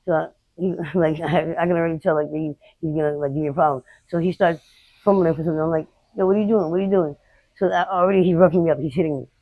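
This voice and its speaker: A woman interviewed outdoors on the street, recounting her experiences in a blunt, unfiltered way with halting restarts. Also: sits low, fairly even intonation, no echo, narrow, tinny audio. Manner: rapid, halting retelling. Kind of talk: candid personal storytelling.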